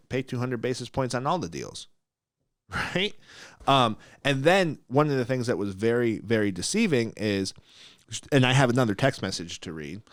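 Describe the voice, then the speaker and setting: Brash male podcast host with a middle-pitched voice, lively delivery and a dry, close sound. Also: no room sound. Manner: blunt, animated, fired-up. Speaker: mortgage broker, podcast host. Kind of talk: casual podcast storytelling.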